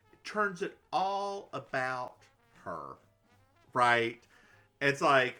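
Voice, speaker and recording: Snarky bright-voiced male podcast co-host. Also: on the high side, very animated, takes it slowly, faint music behind. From American South. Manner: snarky, laughs often, stumbling restarts. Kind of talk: casual recap chat.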